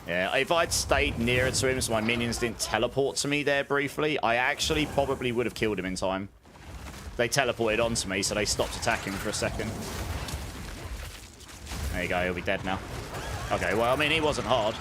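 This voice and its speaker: A man's voice: medium pitch, a little fast, background noise. A man giving casual, chatty gameplay commentary as a streamer, laughing often and humming little filler tunes. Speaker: game streamer.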